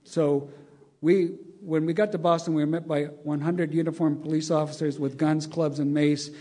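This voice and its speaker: A man's voice: on the high side, steady tone, normal speed, warm tone. An older man telling a long, wry anecdote to an audience, chuckling as he acts out the dialogue. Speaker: storyteller.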